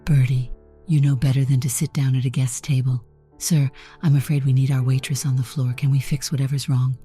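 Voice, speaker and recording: Storybook diner manager, woman reading, stern, formal, dark tone. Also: very deep voice, level tone, fairly quick, husky, soft background music, heavily acted.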